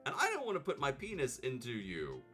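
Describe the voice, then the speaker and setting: A man voicing a flustered young man, a nervous fiance, in a prissy high whine. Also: huge pitch swings, fairly quick, sharp tone, faint music behind. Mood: fretful.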